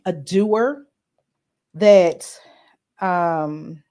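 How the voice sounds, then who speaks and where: A woman's voice: on the low side, drawn-out words, dark tone. A woman podcast host chatting casually on a live stream, greeting commenters by name and speaking earnestly with some filler words.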